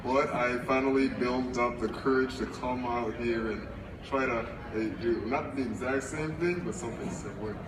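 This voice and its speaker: A man's voice: medium pitch, moderate pace. A man from the audience asking a question, nervous and apologetic. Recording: distant, echoey hall, crowd and noise.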